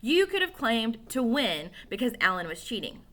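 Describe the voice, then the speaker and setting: An argumentative boy laying out his case insistently, with a bright, lively voice that climbs and dips, as a woman voices him in a storybook. He presses each point home. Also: fairly high pitch, moderate pace, heavily acted. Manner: insistent, lecturing. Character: argumentative boy, quick to reason.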